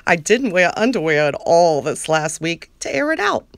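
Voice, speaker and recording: A woman's voice: fairly low pitch, big pitch swings, normal speed, creaky, dry recording. A woman putting on a crude, bossy man. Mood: smug, bossy. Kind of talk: comic reading of a fan-written scene.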